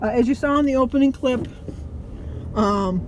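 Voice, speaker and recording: A woman's voice: high voice, moderate pace, rough recording. Older lady in her 60s rambling from her car, heartfelt, traffic noise behind. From United States. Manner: rambling, heartfelt, tearful at times. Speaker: vlogger. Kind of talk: emotional casual vlog. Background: traffic and outdoor noise.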